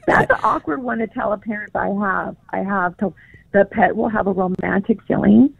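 Chatty california woman, gravelly voice, calling in on a thin phone line. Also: mid-range voice, a little fast, no room sound. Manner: chatty, laughs easily, many fillers. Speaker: pet psychic guest. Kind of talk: casual interview chat.

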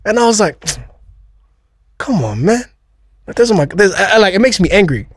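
Animated young New man hosting radio. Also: high-pitched, rapid-fire, no room sound, clean studio sound. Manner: animated, laughing, rambling with restarts. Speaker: radio host. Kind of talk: casual radio banter.

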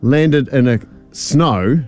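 A man's voice: mid-range voice, drawn-out words, soft background music. A man co-hosting a radio show, telling a wartime story in casual banter with his co-hosts. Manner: animated storyteller, laughs often.

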